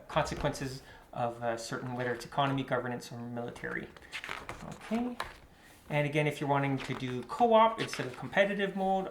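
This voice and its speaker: A man's voice: medium pitch, creaky. A man giving casual, rambling commentary while unboxing a board game, with lots of fillers and asides. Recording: echoey room with faint noise.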